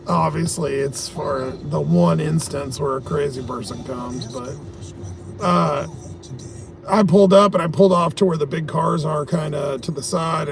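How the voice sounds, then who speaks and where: A man's voice: on the high side, gravelly. A man chatting on a live stream, telling a story in a loose, profane way and laughing often. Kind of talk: casual livestream storytelling.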